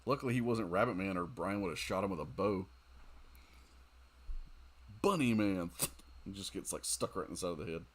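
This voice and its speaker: A tired young man chatting casually while streaming a game late at night, rambling, giggling and reacting loudly to the game. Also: low voice, moderate pace, pauses often.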